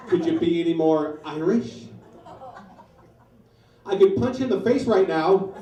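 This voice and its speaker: A man in his forties doing a stand-up set, deadpan storytelling with loud punchlines, in a small comedy bar. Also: sits high, moderate pace, long pauses. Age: 40s. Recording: echoey bar from far off. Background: audience laughter.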